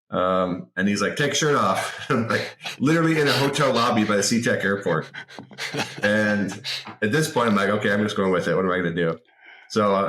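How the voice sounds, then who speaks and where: A man in his forties telling an anecdote as a podcast guest in a lively, casual way, often repeating words. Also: fairly low pitch. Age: 40s. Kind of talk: casual interview storytelling. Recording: roomy echo.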